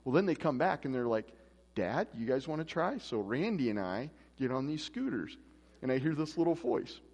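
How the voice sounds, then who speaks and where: A man's voice: medium pitch, expressive, a little fast, darkish tone. A man preaching a casual, conversational sermon as pastor, acting out voices in his stories. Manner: conversational, acts out quoted voices. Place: church. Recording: echoey church hall.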